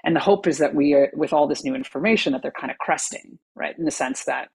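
Gravelly, husky-voiced expert guest. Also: medium pitch, quick pace. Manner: patient, explains science step by step. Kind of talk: explanatory interview answers.

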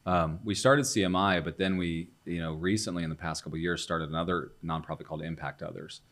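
A man talking as a podcast guest, telling stories in a relaxed, chatty way and acting out what others said. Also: deep voice, fast talker. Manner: animated storyteller, acts out quoted dialogue. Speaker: guest, business owner and ministry leader. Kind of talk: casual podcast storytelling.

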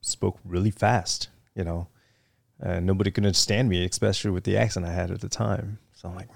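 A middle-aged man with a Vietnamese accent, a retired military aviator telling his story in a relaxed interview, full of "you know" fillers. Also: deep voice, brisk, creaky, no echo. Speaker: interview guest, retired Marine fighter weapons officer.

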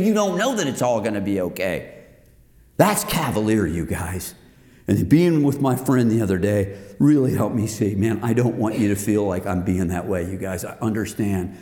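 A man's voice: fairly low pitch, animated, moderate pace, dark tone. An earnest man delivers a sermon-style lesson to a group of men. He speaks emphatically and personally. The voice rings through a roomy hall with long, trailing reverb. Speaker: men's group teacher.

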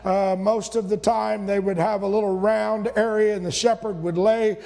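A man's voice: sits high, level tone, normal speed, creaky, warm tone, faint music behind. A man preaching a sermon as pastor, folksy and repetitive, rising to emphatic peaks, recorded in a church sanctuary. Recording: long reverb of a church sanctuary.

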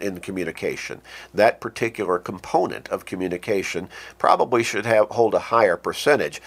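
A man teaching a lesson on communication, speaking slowly and deliberately, with pauses and restarts. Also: fairly low pitch, a bit bright. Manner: acts out short spoken examples. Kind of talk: lecture on communication.

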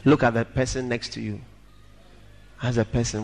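A man preaching a sermon dramatically, shouting at times and breaking into song. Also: flat delivery, moderate pace, gravelly, a little hiss or hum. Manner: dramatic, shouting and singing, wide swings in pitch. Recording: echoey hall reverb.

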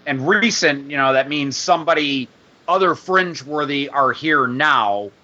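A man's voice: on the high side, normal speed, pushed and bright, lo-fi sound. A man reading out his adventure draft, then patiently explaining background details in casual chat. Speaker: player presenting an adventure draft. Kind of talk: casual chat and story read-aloud.

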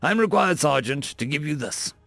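A man reading a stern male Marine commanding officer who speaks in formal, measured orders, with a lively rise and fall. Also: on the high side, vocal fry, faint music behind, pitched above the performer's own voice, exaggerated voice.

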